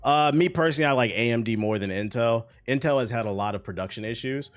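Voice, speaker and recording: A man's voice: mid-range voice, quick pace, faint music behind. Blunt, profane man chatting on stream. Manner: blunt, profane ranting with frequent laughs. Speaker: livestream host. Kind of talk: casual stream chat.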